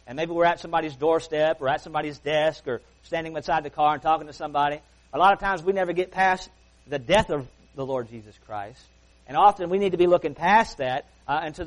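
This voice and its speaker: A man preaching a sermon in a church service in an earnest, folksy way, swelling on key words and then dropping low and soft. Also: low-quality recording. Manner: folksy asides.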